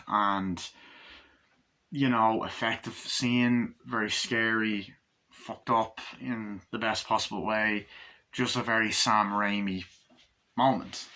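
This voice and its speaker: A man giving a casual, rambling spoken film review, acting out scenes in squealing high voices as he goes. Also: bright, forceful tone. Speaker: movie reviewer.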